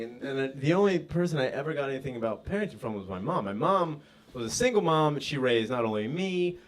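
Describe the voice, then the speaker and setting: A man in his thirties doing a stand-up comedy set, telling crude stories in a loose, storytelling way. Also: medium pitch. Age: 30s. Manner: loose storytelling with crude jokes and acted-out clerk voices.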